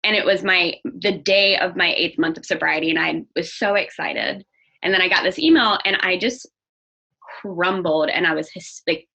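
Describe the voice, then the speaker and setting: A young adult woman gives a candid personal interview, speaking openly and earnestly and often restarting her sentences. Her lowish voice sounds bright and forceful, though the lo-fi audio is dull.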